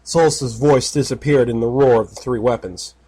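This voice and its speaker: A man narrating a fan fiction audiobook in a steady, measured way. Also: medium pitch, breathy edge.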